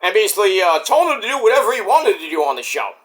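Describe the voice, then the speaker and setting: Guy doing a wrestling recap vlog, high bright voice, all over the place, crude jokes. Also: sing-song. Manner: rambling, crude jokes, quick impressions. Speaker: wrestling show reviewer.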